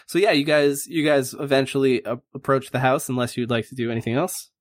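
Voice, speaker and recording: A man's voice: mid-range voice, steady tone, brisk, dry recording. A man narrates as game master of a tabletop game in a loose, casual way. He swears freely and fills his talk with ums and uhs. The recording is close and dry.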